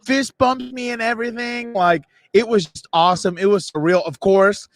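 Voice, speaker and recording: A man with a high voice tells a rambling, animated story on a sports show. He mocks himself and acts out what the others said. The sound is dry and close, with no room echo. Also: moderate pace. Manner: animated, self-mocking, voices others in quotes. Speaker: podcast co-host. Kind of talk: excited storytelling. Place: radio row event booth.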